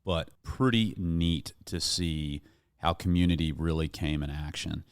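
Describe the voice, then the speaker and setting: Deep-voiced male interview host. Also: measured pace, clear, resonant tone, no room sound, studio quality. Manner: earnest, reflective, draws lessons for listeners. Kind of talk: interview podcast hosting. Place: small radio studio.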